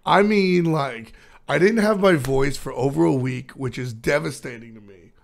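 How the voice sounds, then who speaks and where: A young man with a hoarse, still-recovering voice, rambling casually to his stream chat, with lots of fillers. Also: a little high, moderate pace. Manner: rambling, filler-heavy storytelling. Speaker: esports caster streaming to chat.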